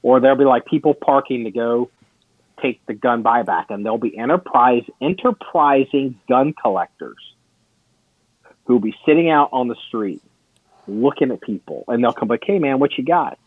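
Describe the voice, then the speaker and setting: A man's voice: medium pitch, animated, normal speed, dry recording, narrow, tinny audio. A man co-hosting a podcast, telling long rambling stories in casual chat with many restarts and some swearing. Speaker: podcast co-host.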